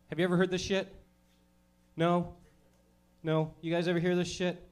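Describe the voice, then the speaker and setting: Brash, profane stand-up comic, high voice. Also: male voice, flat delivery, a little fast, pauses often. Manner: profane, brash, laughing at his own jokes. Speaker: stand-up comedian. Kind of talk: stand-up comedy with crowd work.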